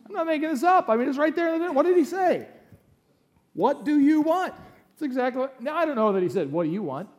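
A man preaching a sermon, conversational and animated, with opinionated asides while reading scripture aloud. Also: extremely high pitch, quick pace, hardly any pauses. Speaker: pastor.

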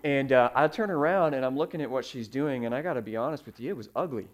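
A man preaching a sermon, telling stories with fillers and sudden swings in loudness. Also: medium pitch, quick pace. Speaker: pastor.

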